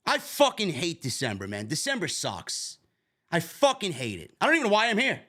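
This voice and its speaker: A man's voice: fairly high pitch, wildly swooping pitch, brisk, sharp tone. A man from New York hosting a live post-show stream, griping and swearing his way through a casual rant. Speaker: livestream host.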